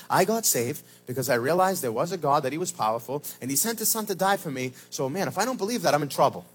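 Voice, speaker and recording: High, husky-voiced preaching man. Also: lively intonation, fast, faint music behind, poor audio. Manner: swings from loud preaching shouts to low quiet asides. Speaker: pastor. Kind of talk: sermon.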